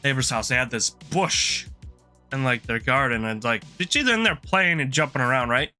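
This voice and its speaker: A man's voice: medium pitch, moderate pace, pushed and bright, faint music behind. A man streaming live, telling a long rambling story in casual chat, laughing often and restarting his sentences.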